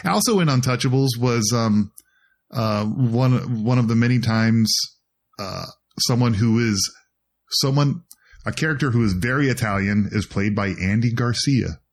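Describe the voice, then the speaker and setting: Joking man in casual podcast chat. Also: medium pitch. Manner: joking, laughs often, drawn-out asides. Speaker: podcast co-host.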